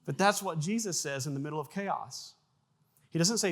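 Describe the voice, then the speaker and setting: A man's voice: fairly high pitch, animated, normal speed. A man preaching a sermon as pastor, in a conversational way with frequent restarts. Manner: conversational preaching with restarts, bursts of loud acted sound effects.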